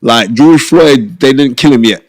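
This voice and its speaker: A middle-aged British man telling stories as a guest on an interview show, animated and acting out what others said in lively voices. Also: medium pitch, a little slow, no echo. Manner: animated, acts out quoted people in raised voices. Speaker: boxing promoter and pundit, guest. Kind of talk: casual storytelling interview.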